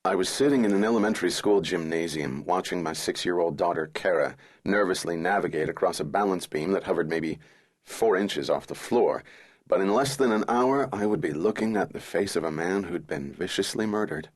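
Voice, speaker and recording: A man reading a thriller audiobook in the first person, measured and somber. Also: low voice. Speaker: audiobook narrator.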